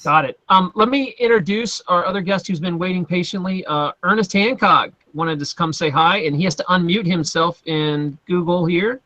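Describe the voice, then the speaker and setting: A man hosting a live show over a video call, relaxed and chatty as he introduces a guest. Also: high voice, normal speed, few pauses, no room sound, poor audio. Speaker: host.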